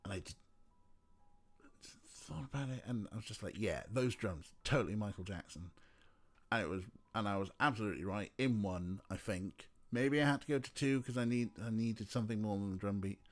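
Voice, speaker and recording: A man's voice: lowish voice, fairly quick. A man streaming a game, chatting casually in a rambling, filler-heavy way. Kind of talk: casual let's play chat.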